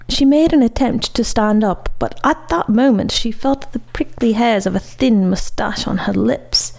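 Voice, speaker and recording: A woman reads a story aloud with a measured, expressive delivery. Her voice is dark and mellow, with a gravelly edge. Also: a little high. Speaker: story reader.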